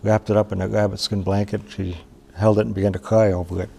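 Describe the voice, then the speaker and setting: A man from Wisconsin tells a traditional story in a low, gravelly voice with little pitch movement. He sounds mellow and plain-spoken, speaking unhurriedly with pauses and restarts.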